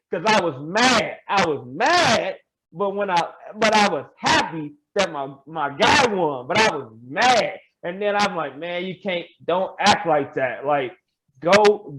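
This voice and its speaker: A young adult man, a pro wrestler guest on a podcast, telling his story in a loose, animated way with laughs and quoted asides. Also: sits high, noisy background. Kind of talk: casual storytelling interview.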